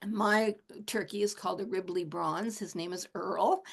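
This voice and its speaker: A woman in her late sixties, a shamanic teacher, talking in a gentle, casual teaching manner and chuckling often. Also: mid-range voice, fairly even intonation, moderate pace, gravelly, husky. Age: 60s. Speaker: shamanic teacher and animal communicator.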